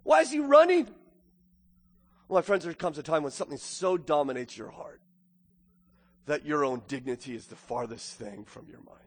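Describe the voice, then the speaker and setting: A male pastor preaching a sermon, moving from quiet reflection to loud, emphatic preaching. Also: a little high, sing-song, normal speed, husky, big-room sound.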